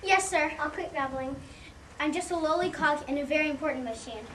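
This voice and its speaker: A nervous, groveling assistant, played by a woman babbles apologies in a high voice. The stage play is heard from a distance in an echoey hall with clear background noise. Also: fairly quick, fairly bright tone. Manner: timid, apologetic, rambling. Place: theatre stage, heard from the audience.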